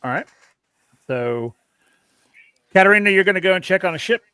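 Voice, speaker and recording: A man running a tabletop game as game master, chatty and loose, laughing often and filling pauses. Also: sits high, animated, sharp tone, smooth, dry recording. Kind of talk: narrating a tabletop game over a live stream.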